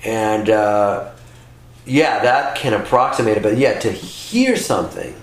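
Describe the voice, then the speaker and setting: A man from California speaks as a podcast guest in a relaxed, conversational way. He tells stories with energy and keeps breaking into little character voices. His voice rings in an echoey room. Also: lowish voice, unhurried. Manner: animated storyteller who slips into voices. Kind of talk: casual chat.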